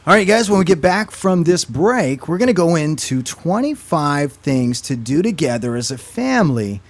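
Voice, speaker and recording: A man's voice: a little high, very animated, moderate pace. A man hosting an online talk radio show, chatting and telling a personal story in a conversational way.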